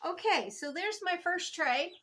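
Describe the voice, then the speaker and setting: A woman's voice: extremely high pitch, expressive, unhurried, fairly bright tone. A woman chatting casually in her home kitchen as she bakes and tastes a recipe for her vlog, homey and talkative. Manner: homey and chatty, talks while chewing. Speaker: homestead cooking vlogger. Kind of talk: casual cooking chat.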